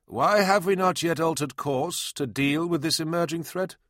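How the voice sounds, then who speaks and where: A man voicing a cold, mechanical male liaison who speaks over an intercom with sterile, assured calm. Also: a little high, normal speed, no echo, clean studio sound, pitched above the performer's own voice, lightly acted.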